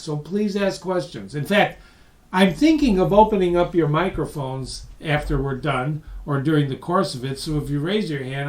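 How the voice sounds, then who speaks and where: The voice is a little high and a little mellow: a man presenting a live webinar lecture to an online audience, talking conversationally and restating points for emphasis. The recording has a roomy, distant-mic sound.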